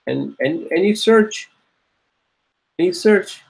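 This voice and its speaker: Male teacher, slightly higher voice, patient repeater, classroom lecture delivery. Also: vocal fry, darkish tone, rough recording. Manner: repeats words slowly, asks checking questions. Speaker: Arabic teacher.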